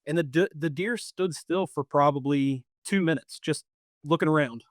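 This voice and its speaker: A man's voice: on the high side, moderate pace, no room sound, clean studio sound. A man in his thirties, a podcast co-host, casually telling a long hunting story with lots of restarts and repeats. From Pennsylvania or Maryland.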